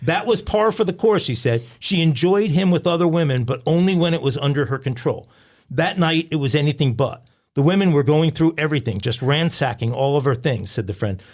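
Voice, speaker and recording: A man co-hosting a crime podcast, reading out a news story in a steady storytelling way with wry asides. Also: on the high side, brisk. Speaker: podcast co-host.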